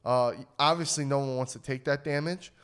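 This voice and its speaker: A man's voice: mid-range voice, fairly even intonation, brisk, fairly bright tone, clear, resonant tone. A young man co-hosting a podcast in casual chat, fired-up and swearing freely as he rants. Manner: profane, fired-up ranting. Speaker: podcast co-host.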